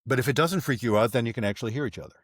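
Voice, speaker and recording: Measured older male psychologist, dry sound. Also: mid-range voice, dry recording. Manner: measured, explanatory. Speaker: psychologist guest. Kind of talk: podcast interview.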